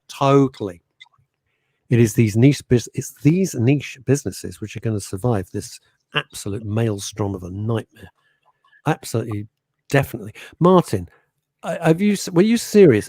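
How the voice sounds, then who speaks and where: A man co-hosting a radio talk show, spinning long anecdotes with plenty of enthusiasm. His voice sits in a middling register but swings widely in pitch. The studio sound is dry and close. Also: moderate pace, no echo. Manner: chatty, anecdotal, lively storytelling with put-on quote voices. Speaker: radio co-host. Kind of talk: casual radio chat.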